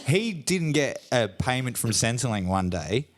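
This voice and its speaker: An Australian man chatting on a casual podcast. He tells rambling, sweary stories with a lively, swooping pitch. He breaks into laughter often. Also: a little slow. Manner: sweary, rambling storyteller who laughs a lot. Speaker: podcast co-host.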